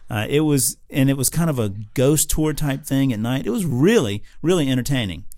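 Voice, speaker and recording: A man's voice: medium pitch, expressive, brisk, dark tone, no room sound, clean studio sound. An American man co-hosting a podcast, telling a travel story in casual chat, rambling with lots of fillers and restarts. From United States. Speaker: podcast co-host.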